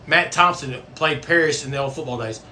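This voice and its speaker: Bright-voiced man chatting live. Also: a little high, a little fast, slight background noise. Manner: folksy, swearing, chatty. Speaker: livestream host; coach. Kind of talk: casual livestream chat.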